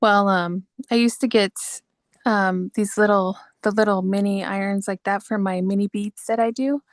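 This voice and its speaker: An easygoing woman guest in a relaxed chat. She chimes in often with short, agreeing replies. Her voice is middle-pitched, and the recording is dry and close. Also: normal speed, dry recording. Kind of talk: casual chat.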